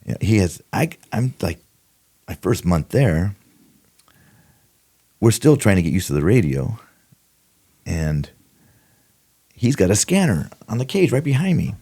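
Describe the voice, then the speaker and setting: Gravelly low-voiced older man telling stories. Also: measured pace, long pauses. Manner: animated, acts out quotes, laughs often. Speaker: retired homicide detective, podcast guest. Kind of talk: casual storytelling interview.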